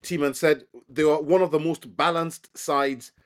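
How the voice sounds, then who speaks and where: A man's voice: a little high, steady tone, measured pace. A man hosting a football podcast, often repeating words as he starts his questions. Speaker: host. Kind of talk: podcast sports discussion.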